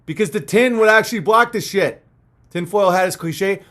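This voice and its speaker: A young man with a notably high-pitched voice hosts a livestream. He rambles and rants, swearing freely and mocking the people he talks about. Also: moderate pace, a bit bright. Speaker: livestream host. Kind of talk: ranting livestream monologue.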